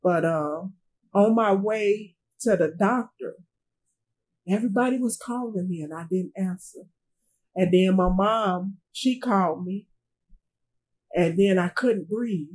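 Middle-aged mother, husky and halting, interview subject recounting loss. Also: medium pitch, a little mellow, poor audio. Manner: halting, repeats herself, trails off. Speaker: grieving mother being interviewed. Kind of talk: emotional personal recounting.

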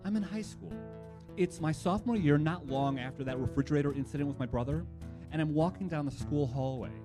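A man's voice: on the high side, fairly quick, over music. A man telling a first-person story from his own life in a wry, reflective way.

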